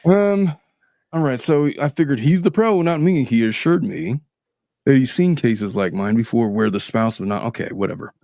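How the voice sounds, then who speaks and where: A man's voice: medium pitch, animated, moderate pace, darkish tone, no room sound, clean studio sound. Sardonic, profane man reading a listener's story. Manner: sardonic, profane, reads listener letters aloud. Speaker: podcast host, divorce attorney. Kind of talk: casual podcast chat.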